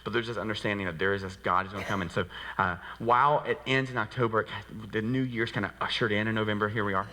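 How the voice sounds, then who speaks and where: A man's voice: on the low side, fast, few pauses, in a large hall, poor audio. A man preaching a sermon as pastor, talking in a casual, conversational way with frequent rhetorical asides. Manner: conversational and animated, with many rhetorical "right?" asides. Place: church sanctuary. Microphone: handheld microphone.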